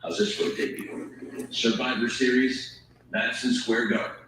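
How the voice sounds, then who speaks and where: A man's voice: medium pitch, little pitch movement, moderate pace, very echoey, recorded from a distance, noisy background, close to an everyday voice. A man acting TV drama dialogue, heard from across a room.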